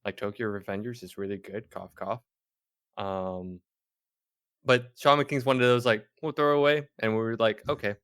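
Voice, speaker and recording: A man's voice: fairly low pitch, fairly even intonation, normal speed, a bit bright, clean tone. A young man co-hosting a podcast, talking in a rambling, casual way with lots of fillers. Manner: rambling, filler-heavy storytelling. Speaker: podcast co-host. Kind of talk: casual chat.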